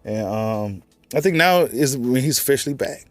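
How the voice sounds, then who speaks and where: A man's voice: mid-range voice, lively intonation, normal speed, dry recording, faint music behind. A man with a Texan accent giving casual, rambling boxing commentary, full of slang and repeated filler phrases. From Texas. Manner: loose, rambling, slangy, repeats "you know what I'm saying".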